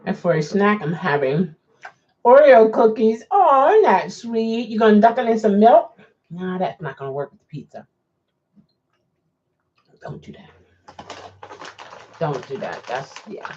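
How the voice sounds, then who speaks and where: Woman, casual live-stream chat, unhurried talk, dull lo-fi sound. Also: medium pitch, very animated, darkish tone. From Baltimore. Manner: chatty, reads comments aloud, laughs often. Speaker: rideshare driver and live streamer.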